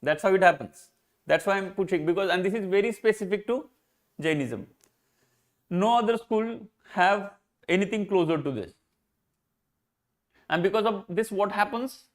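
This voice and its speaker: A man's voice: high voice, normal speed, pauses often. A man with an Indian English accent teaching philosophy in an exam-prep lecture, posing rhetorical questions and answering them himself. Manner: repeats and rephrases key points, slips into Hindi.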